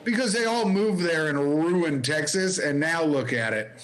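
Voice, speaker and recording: Casting note: deadpan male co-host, notably high voice. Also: unhurried, rough recording. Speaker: podcast co-host. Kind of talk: casual comedic banter.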